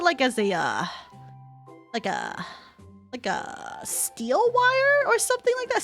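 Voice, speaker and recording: Young woman streamer, high and very animated voice, rambling casual chat full of laughs and swearing, faint game music underneath. She sounds relaxed and chatty as she reads out and answers her audience. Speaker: VTuber streamer. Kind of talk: casual chat with viewers while reading chat.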